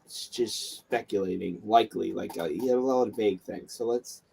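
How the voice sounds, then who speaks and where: A man's voice: on the low side, moderate pace, vocal fry, a little mellow, slight background noise. A man co-hosting a casual sports talk stream, talking in a laid-back, hesitant way with many fillers. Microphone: live stream call.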